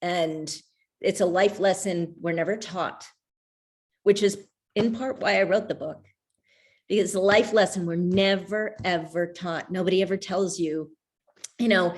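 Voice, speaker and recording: Middle-aged woman at a book reading, candid storyteller, halting with fillers, quick to laugh. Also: fairly low pitch. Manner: candid, hesitant with many fillers and restarts, laughing. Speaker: author discussing her memoir. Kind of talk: casual talk at a reading.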